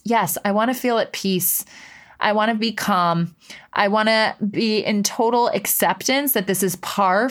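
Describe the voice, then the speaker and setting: A woman's voice: mid-range voice, a bit bright. A woman in her thirties hosting a solo podcast, talking earnestly and passionately, often repeating phrases for emphasis. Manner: earnest, impassioned, emphatic repetition. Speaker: podcast host and life coach.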